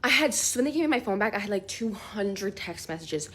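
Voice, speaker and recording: A young woman telling a casual storytime vlog, chatty and animated, full of filler words, swearing and laughter. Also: medium pitch, fairly quick.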